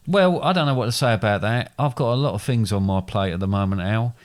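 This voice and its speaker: Lively, joking dad. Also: male voice, medium pitch, fairly quick. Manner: joking, rambling, self-correcting. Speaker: podcast co-host, father. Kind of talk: casual chat.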